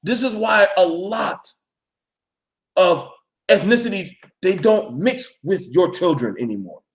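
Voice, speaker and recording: A man with a high, animated voice, speaking a little slowly, launches into a live rant at his viewers. He's blunt and profane, lecturing them and calling them out as he presses his argument hard.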